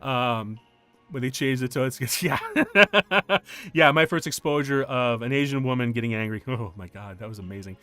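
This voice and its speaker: A man's voice: mid-range voice, moderate pace, clear, resonant tone, no room sound, faint music behind. A middle-aged man chatting casually on a stream, telling a story and laughing often. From United States. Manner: animated, laughs often, acts out quoted voices.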